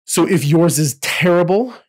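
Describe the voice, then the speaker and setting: A man's voice: on the high side, lively intonation, moderate pace. A man co-hosting a podcast in casual chat, earnest and rambling with frequent restarts. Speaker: podcast co-host.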